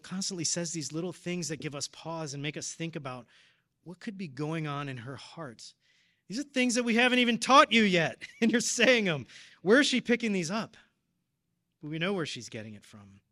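A man in his thirties, likely a deacon or parish preacher, shares a personal testimony during a sermon. His voice is medium-pitched and fairly bright, and he tells the story earnestly and with emotion.

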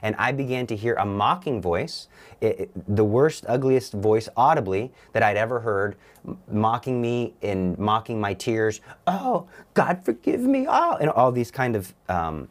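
Earnest low-voiced man telling his story. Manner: earnest, halting, with restarts and repeats. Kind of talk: personal testimony on a talk show.

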